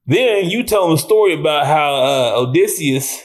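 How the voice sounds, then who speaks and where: Animated man, lively voice. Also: fairly high pitch, normal speed. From United States. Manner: animated, laughs often, swears freely; slangy, loose and rambling. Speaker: movie reviewer. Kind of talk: casual film review vlog.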